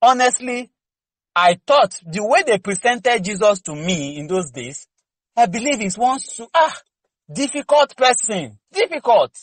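A man's voice: high-pitched, animated, a little slow, fairly bright tone, no room sound, poor audio. A man preaching to a congregation, exhorting fervently with rhetorical questions and candid personal stories. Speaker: lay preacher. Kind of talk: preaching teaching session.

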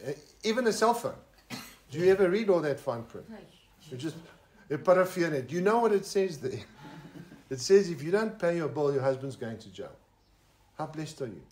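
South African preacher, Afrikaans-speaking man, higher-pitched voice, chatty joking sermon. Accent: South African English. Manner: joking, conversational, with asides to the listeners. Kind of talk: informal sermon. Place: fellowship lounge.

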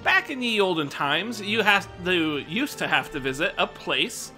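Bright-voiced American guy rambling to viewers. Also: high-pitched, big pitch swings, a little slow, faint music behind. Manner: laid-back, rambling, swears casually. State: slightly out of breath. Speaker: streamer. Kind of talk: casual rambling chat to viewers.

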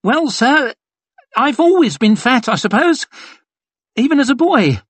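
A man voicing a nervous, overweight male soldier who squeaks and babbles when put on the spot. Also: very animated, measured pace, a bit bright, no room sound, exaggerated voice. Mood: flustered. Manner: flustered, babbling. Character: fat nervous male soldier, self-mocking.

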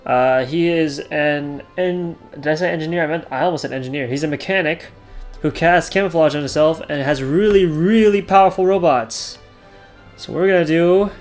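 A man hosting his own gaming channel, talking through his play, yelling and laughing at close calls. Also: fairly high pitch, moderate pace, faint music behind. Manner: chatty, talks over his play. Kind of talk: gameplay commentary.

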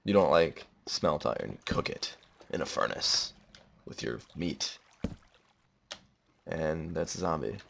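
Male gamer, lowish voice, rambling melodramatic let's play commentary with sudden yelps; faint noise behind. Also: vocal fry.

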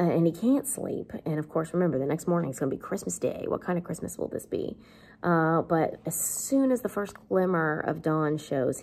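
Creaky-voiced woman teacher explaining a novel. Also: deep voice, darkish tone. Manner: chatty, wry, conversational with fillers. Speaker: English teacher.

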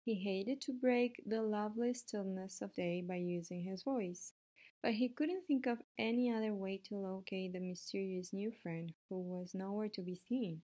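A woman reading a children's book aloud in a steady way, with the odd small slip. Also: mid-range voice, moderate pace. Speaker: reader.

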